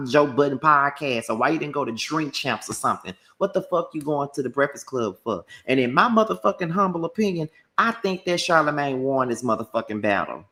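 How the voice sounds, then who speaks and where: A man delivering a combative, profane commentary rant packed with rapid-fire rhetorical questions. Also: fairly high pitch, bright, forceful tone. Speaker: commentary YouTuber.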